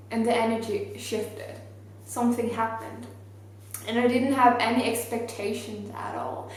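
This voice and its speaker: A young woman who is not a native English speaker, telling a story to camera in an earnest, animated way with lots of "like". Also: on the high side, measured pace. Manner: earnest, animated, many fillers like "like". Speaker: vlogger. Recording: very echoey space with faint ambient noise.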